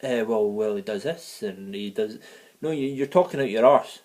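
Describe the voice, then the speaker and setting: He has a fairly low, slightly mellow voice and keeps a moderate pace. The vlog is a heated match review from a football fan in the United States, packed with profanity and wandering off-topic asides.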